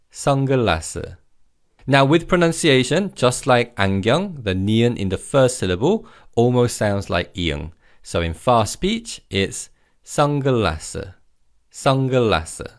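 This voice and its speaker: A man teaching vocabulary in a recorded language lesson, encouraging and repeating each word slowly for learners to follow. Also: on the low side.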